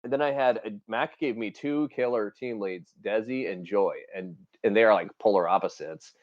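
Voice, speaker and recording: A man's voice: lowish voice, normal speed, narrow, tinny audio. A man hosting a podcast, telling army stories in casual, profane chat and acting out the people he quotes. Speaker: podcast host, army veteran.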